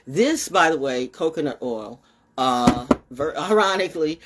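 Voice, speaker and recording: A woman talking casually to her camera in a rambling monologue, swinging from high exclamations to low muttering and swearing freely. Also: lively intonation, measured pace, a little hiss or hum. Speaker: vlogger.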